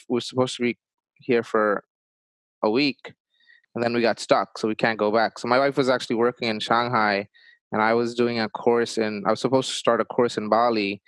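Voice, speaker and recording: A man's voice: medium pitch, a bit bright, clean tone, no echo, poor audio. A man born in Bangladesh hosting a casual interview, chatty and rambling, often restarting his sentences.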